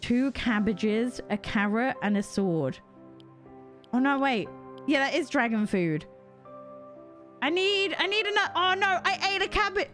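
A young woman with a British accent chats through a relaxed gameplay stream, giggling and poking fun at herself as she goes. Her voice sits high and swoops up and down with animated energy. Soft game music plays faintly behind her. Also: normal speed. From Britain. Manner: chatty, giggly, self-mocking asides. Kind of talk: casual gameplay chat with chat readers.

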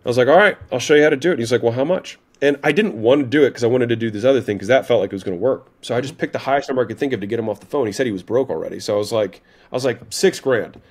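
A man telling a story as a podcast guest, in a casual, animated way, often saying "like" and "right?" and swearing now and then. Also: medium pitch, very fast, few pauses. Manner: animated retelling, frequent "like" and "right?", occasional swearing.

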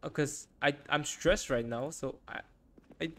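A young man narrates his gameplay in a frantic, panicky rush, looping the same short phrases again and again. His voice sits a little high for a man. The recording carries steady background noise and mouse clicks. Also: a little slow. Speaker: gaming YouTuber.

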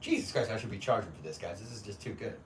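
A man's voice: lowish voice, expressive, quick pace, recorded from a distance. Joking, foul-mouthed man streaming live. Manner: profane, teasing, jokey banter with frequent laughter. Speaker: livestream host. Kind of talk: casual livestream chat reading viewer comments. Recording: roomy echo, off-mic, faint background hum.

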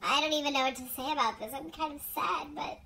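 A woman exclaiming excitedly in casual chat, heard from some distance. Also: sits high, fast talker.

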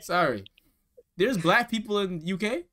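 A man hosting a vlog, chatting and teasing strangers on a video chat app in a quick, joking way that sometimes drops to a mumble. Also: high-pitched, lively intonation, very noisy.

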